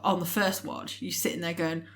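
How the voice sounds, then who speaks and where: A woman co-hosting a podcast in casual chat, emotional and teary, talking haltingly with many fillers. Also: fairly low pitch, level tone, fairly bright tone. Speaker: podcast co-host.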